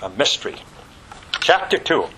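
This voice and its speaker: A man preaching a sermon with passion, rising to loud exclamations and dropping to hushed whispers, asking the congregation rhetorical questions. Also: medium pitch, sing-song, normal speed, slight background noise, low-quality recording.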